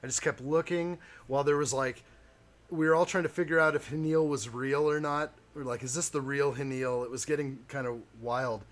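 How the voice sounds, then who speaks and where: A man's voice: mid-range voice, steady tone, normal speed. A man hosting a live stream, chatting casually with viewers while he builds a model kit.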